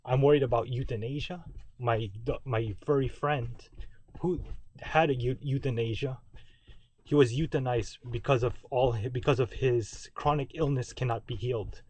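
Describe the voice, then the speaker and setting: A man's voice: mid-range voice, normal speed, a little mellow, breathy edge. Man rambling a video message. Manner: rambling, repetitive, ranting with self-corrections. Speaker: vlogger. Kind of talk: direct-to-camera video message. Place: home basement.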